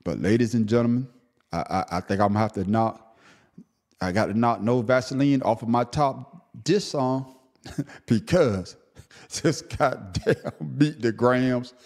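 Speaking at a measured pace, this podcast host rants alone with energy, his voice dropping to a grumble one moment and climbing to high-pitched indignation the next, with frequent stammers.

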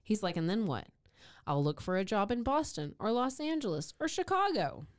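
A woman's voice: mid-range voice, very animated, normal speed. A young woman co-hosting a casual chat podcast, swearing and laughing as she reads romance novel passages aloud and acts out the dialogue. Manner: swearing, laughing, mock-dramatic when reading dialogue. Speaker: podcast co-host.

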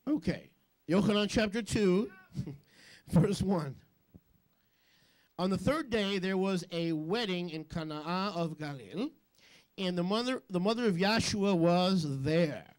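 A man preaching a sermon as a rabbi, joking with quick asides and questioning the congregation. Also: high-pitched. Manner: jokey, rapid asides, call-and-response questions.

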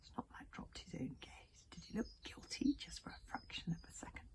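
A woman in a whispered storybook reading, narrating a chapter and adding her own little asides. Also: moderate pace. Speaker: reader.

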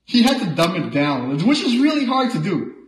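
A man's voice: sits high, sing-song, normal speed, crowd noise. A man hosting a live goalie mask auction stream, joking and pushing buyers in sales patter. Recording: echoey room, faint noise.

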